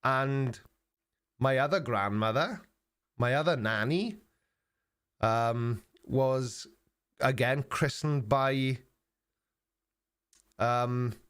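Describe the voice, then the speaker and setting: A man's voice: medium pitch, drawn-out words, long pauses, a bit bright, clear, resonant tone. An older man from England chatting casually on his live stream, reading out viewer comments with dry, sarcastic banter. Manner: dry sarcastic banter, mock-offended asides.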